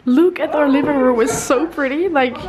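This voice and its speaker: A woman's voice: high-pitched, moderate pace, a crowd in the background, poor audio. Giggly young woman vlogging. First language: Dutch. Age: young adult. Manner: giggly, laughs often, swears casually. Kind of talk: casual vlog tour. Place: indoors, new apartment.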